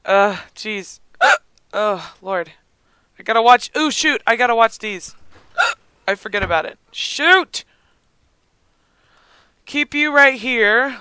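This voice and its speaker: Young man, hiccups, gameplay commentary, excitable and gasping, bright smooth voice. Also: very high-pitched, slow pace, long pauses, dry recording. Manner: excitable, gasps and yelps, talks to game characters. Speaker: let's play gamer.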